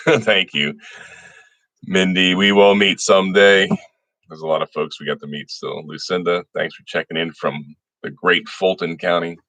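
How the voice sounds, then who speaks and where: A middle-aged state senator hosts a livestream, greeting viewers by name in a casual, folksy manner and restarting himself often. His voice is low and sharp, with fairly even intonation at a normal speed and no echo.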